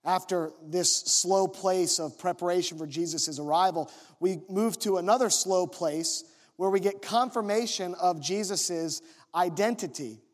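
A man preaching a sermon, teaching in a measured way, reading scripture slowly and stressing key words. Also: sits high.

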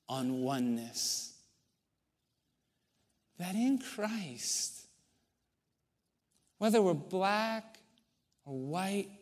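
A man preaches in a church sanctuary, his voice sitting notably high for a man. He takes his time, pausing between phrases. At points he builds to emphatic, ringing declarations. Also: fairly bright tone. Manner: measured, rising to emphatic in passages, with long pauses. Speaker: pastor. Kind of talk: sermon.

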